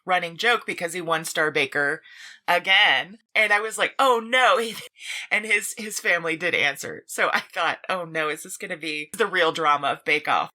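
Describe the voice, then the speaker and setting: A woman's voice: on the low side, normal speed, sharp tone. A woman co-hosting a podcast, chatting casually in a playful, self-deprecating way. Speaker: podcast co-host. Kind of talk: casual chat.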